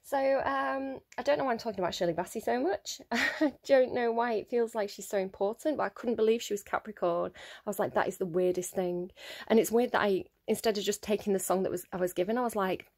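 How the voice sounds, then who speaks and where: A woman's voice: on the high side, fast, creaky, darkish tone. Rambling woman reading tarot. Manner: rambling, thinking aloud with many fillers. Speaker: tarot reader. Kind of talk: casual solo tarot reading.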